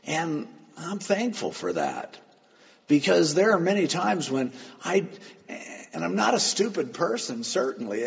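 A male pastor preaching a sermon in a church sanctuary, his gravelly voice set a little high. He tells stories with lively swings of pitch, dropping to quiet asides and then pressing hard on his points. The sound is dull and lo-fi, with a long hall reverb behind him. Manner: storytelling, shifting between quiet asides and loud emphatic lines.

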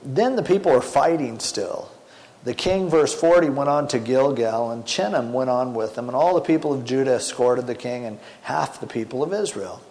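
A middle-aged man preaching in a relaxed, colloquial way, retelling scripture as if it were gossip among friends. His voice sits at an ordinary pitch for a man. A long hall reverb trails behind every phrase. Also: normal speed. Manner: colloquial and chatty, slangy paraphrase. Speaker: pastor. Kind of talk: casual sermon retelling a Bible story.

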